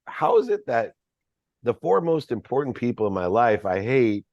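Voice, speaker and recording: A man's voice: mid-range voice, very animated, moderate pace, darkish tone, no room sound, dull audio. A man, a podcast guest, telling a personal story in an earnest, reflective way.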